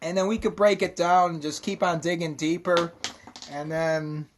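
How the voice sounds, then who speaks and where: A man's voice: a little high, steady tone, normal speed, slight background noise. A man explaining mystical ideas in a casual, rambling monologue, swearing constantly and emphatically.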